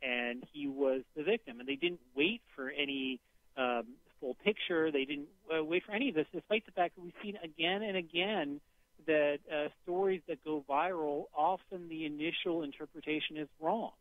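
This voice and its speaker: A man, a guest on a political talk radio show, explaining his points in a measured way and often restarting phrases. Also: a little high, no room sound. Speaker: guest commentator. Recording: tinny phone line.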